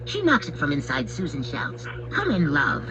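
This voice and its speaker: A man telling comic stories in the first person as a mischievous pet cat, in a wry, mock-serious, deadpan manner. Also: on the high side, normal speed, lo-fi sound, background noise. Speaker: narrator speaking as a pet cat. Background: background music.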